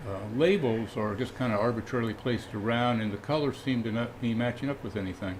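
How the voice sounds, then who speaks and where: A man's voice: mid-range voice, brisk, slight background noise. A man co-hosting a live painting stream, joking with the teacher and reading out viewer questions. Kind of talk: casual live-stream banter.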